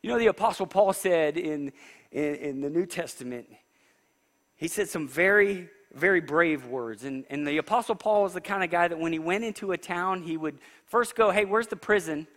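Male pastor, high bright voice, preaching with big dynamic swings in a reverberant hall. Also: moderate pace. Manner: animated preaching, rising and falling in pitch and volume. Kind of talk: sermon. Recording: long reverb of a large hall.

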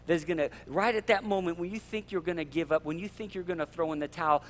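Fired-up male pastor, high voice. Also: fairly quick, a little hiss or hum. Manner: fired up, yelling, passionate. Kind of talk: sermon. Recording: long hall reverb.

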